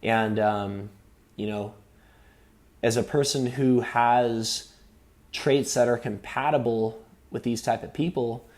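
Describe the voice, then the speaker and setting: A man's voice: mid-range voice, fairly even intonation, takes it slowly, darkish tone. A man telling a personal story to camera in a rambling, candid way, filling gaps with "you know" and "um" and swearing casually. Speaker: vlogger.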